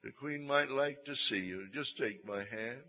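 A man voicing a gentle, kindly gentleman who speaks softly and reassuringly, in a dull lo-fi recording. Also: mid-range voice, unhurried, in a large hall, lightly acted. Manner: soft, hushed, reassuring.

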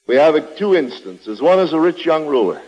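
A man's voice: a little high, big pitch swings, normal speed, highs cut off. A man preaching a sermon with an emphatic, repetitive cadence. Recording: long reverb of a large hall.

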